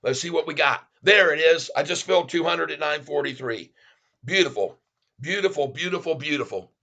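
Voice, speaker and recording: A man runs a live stock-trading show, narrating his trades as they fill. His voice is bright and punchy. He cheers each move and keeps chatting warmly with his audience. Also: a little high, normal speed, vocal fry. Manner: excited, calls out prices, chats with viewers as "folks". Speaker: stock trading livestream host. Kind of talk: live day-trading commentary.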